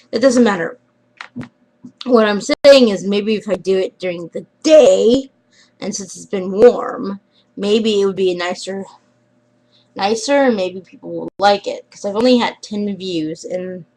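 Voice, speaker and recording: Young woman rambling on her vlog, trails off into mumbly bits, middle pitch. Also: a little mellow, rough recording. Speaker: vlogger. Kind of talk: casual vlog chat.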